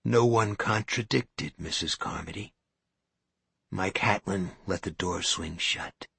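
A man reading a story aloud as narrator, with a measured, suspenseful delivery. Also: sits low, creaky, pushed and bright, breathy edge, dry recording. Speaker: audiobook narrator. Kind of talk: scripted narration.

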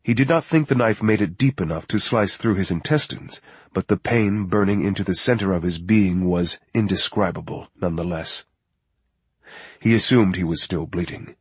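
Male audiobook narrator, very deep, husky, measured, grave, dry close sound. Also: dry recording. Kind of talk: scripted narration.

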